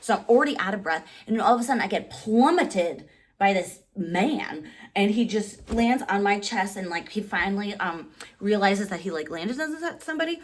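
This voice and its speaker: A woman in her thirties telling a personal story in casual vlog style, animated and full of "like", acting out quotes with sudden pitch jumps. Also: moderate pace. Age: 30s. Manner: animated, heavy use of "like". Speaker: vlogger.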